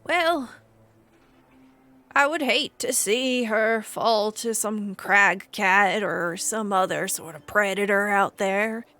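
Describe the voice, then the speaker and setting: A woman's voice: medium pitch, slow, sharp tone. A woman doing a kindly haggard stable master.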